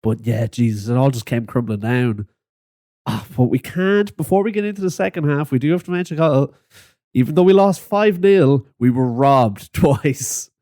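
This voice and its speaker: A man with a warm, mellow voice jokes about a football match on a podcast. He laughs easily and keeps the talk loose and lively. His voice sounds dry and close. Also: medium pitch, moderate pace, dry recording. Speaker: podcast co-host. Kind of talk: casual football chat.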